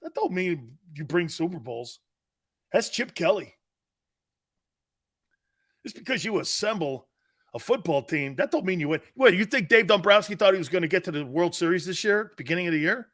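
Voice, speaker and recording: A middle-aged man hosting a casual sports talk show, loud and jokey, bursting into shouts. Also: high-pitched, lively intonation, moderate pace.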